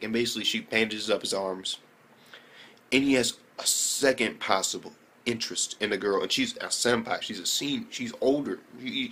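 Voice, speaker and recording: A young man giving a casual, profane review of an episode, full of slang and sudden high exclaimed reactions. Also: fairly bright tone, slightly rough. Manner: heavy swearing and slang, jumps into high-pitched exclaimed reactions. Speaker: anime reviewer.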